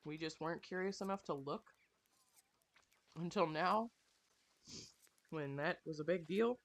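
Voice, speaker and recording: A woman's voice: deep voice, unhurried. Young woman, casual streamer rant, heavy swearing, exasperated. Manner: swears a lot, animated and exasperated. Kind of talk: casual rant while playing a game.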